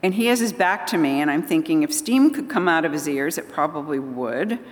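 A woman's voice: low-pitched, fairly quick. Older woman telling stories, echoing hall. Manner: animated, acting out conversations. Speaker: speaker at a church gathering. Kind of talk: storytelling talk to an audience. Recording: long hall reverb.

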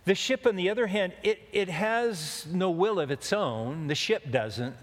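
A man's voice: sits high, animated, unhurried. A man preaching a sermon, telling a rambling, joking story in a folksy way. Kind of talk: sermon with a told anecdote. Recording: long hall reverb.

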